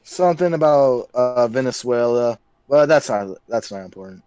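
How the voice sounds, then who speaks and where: A young man co-hosting a podcast, delivering dry deadpan jokes with hesitant stops and restarts. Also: mid-range voice, normal speed, rough recording. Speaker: podcast co-host. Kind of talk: casual chat.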